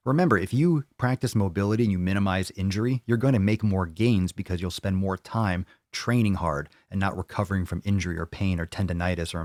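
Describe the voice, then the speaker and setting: A man's voice: low voice, a little mellow, no room sound, clean studio sound. A man hosting a live fitness Q&A, blunt and opinionated, swearing freely as he answers viewers. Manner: blunt and profane, opinionated rants. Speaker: fitness channel host answering viewer questions.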